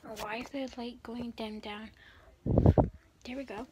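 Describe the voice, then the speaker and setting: A woman's voice: on the high side, unhurried. A woman vlogger chatting casually as she shows her things, rambling with self-corrections and often slipping into a whisper. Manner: drifts in and out of whispering. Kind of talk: casual closet tour chat. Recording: home recording with steady background noise.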